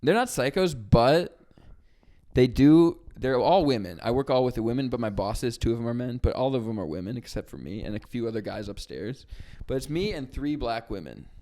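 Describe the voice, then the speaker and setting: A young man co-hosting a casual podcast, an animated storyteller who mimics coworkers and laughs often. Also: mid-range voice, fairly quick. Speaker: podcast co-host. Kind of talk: casual chat.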